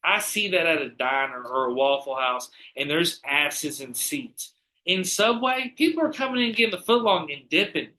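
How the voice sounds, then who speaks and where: A man hosting a podcast, telling stories in an animated, profane, casual way. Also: a little high, moderate pace, slight background noise. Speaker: podcast host. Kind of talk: casual chat.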